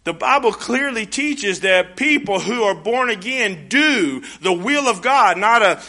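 High, bright-voiced preacher, loud to hushed. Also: male voice, lively intonation, a little slow, few pauses. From United States. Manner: passionate, swings from hushed to loud emphatic. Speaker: pastor. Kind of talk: sermon.

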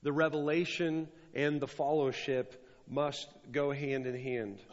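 A man's voice: a little high, fairly even intonation, a little slow, few pauses. A man preaching a sermon as a pastor, stressing and repeating key phrases. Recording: dull sound with long hall reverb.

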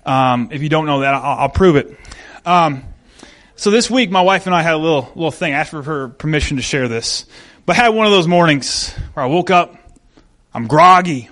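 A man's voice: lively intonation, normal speed. A man in his thirties giving a sermon as pastor, telling a personal story with candid, self-deprecating humor. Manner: rises loud and high when acting out quotes.

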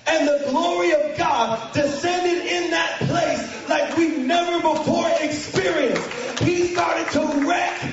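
A man preaching a storytelling sermon in a large church hall, animated and often breaking into shouting and snatches of song. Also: very high-pitched, takes it slowly, few pauses, a crowd in the background, noisy background. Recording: echoey hall from far off, dull sound.

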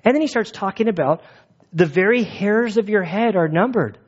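A man's voice: high-pitched, animated, normal speed, breathy edge. Casual rambling male preacher. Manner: casual, rambling, self-interrupting. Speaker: pastor. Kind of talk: sermon with personal stories. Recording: dull muffled sound.

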